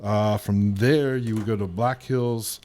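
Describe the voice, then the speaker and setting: Male podcast host, lower voice, steady and methodical route rundown. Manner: steady, list-like, measured delivery. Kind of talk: casual podcast chat, outlining a route.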